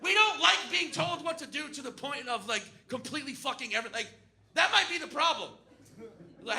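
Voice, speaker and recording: A male stand-up comedian from the United States performing live on stage, animated and profane with sudden shouted bursts. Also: very high-pitched, fairly quick, creaky, a little hiss or hum.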